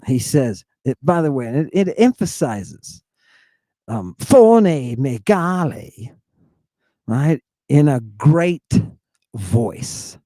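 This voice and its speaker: A man hosting a fired-up monologue, reading ancient Greek text aloud in a combative, theatrical way, swinging between loud outbursts and hushed asides. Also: mid-range voice, sing-song, extremely slow, no room sound. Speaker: show host.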